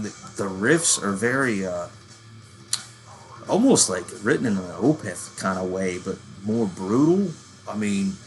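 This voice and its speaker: A man in his thirties ranting casually about metal bands, profane and rambling, calling himself a working-class hillbilly. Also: on the low side. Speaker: metal channel host. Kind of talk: casual rant.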